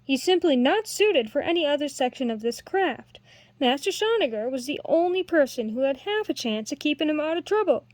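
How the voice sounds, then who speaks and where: A woman reading a storybook voices a lively young woman harper who argues in an eager, earnest way. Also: high voice, fairly quick, dry recording.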